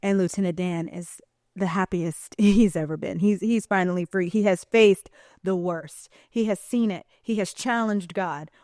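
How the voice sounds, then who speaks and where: A woman's voice: mid-range voice, moderate pace, no echo. Chatty emphatic woman, dry close sound. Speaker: vlogger. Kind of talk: casual vlog monologue.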